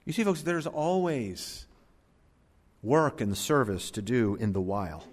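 A man's voice: mid-range voice, sing-song, a little slow. Earnest preacher guy, mid voice, long hall echo, piles up lists. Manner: earnest, builds to emphatic lists. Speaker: pastor. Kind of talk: sermon.

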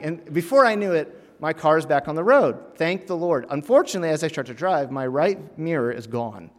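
A man preaching a sermon and telling a humorous personal story, animated, with sudden loud, emphatic bursts and quiet drops. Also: a little high, fairly quick, hardly any pauses. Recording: long hall reverb.

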